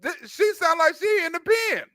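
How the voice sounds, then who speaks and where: Stream host, man, very high and bright voice, loud jokey reactions, dry close mic. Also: big pitch swings, moderate pace, dry recording. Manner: loud, joking, laughs often, repeats himself. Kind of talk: casual stream commentary.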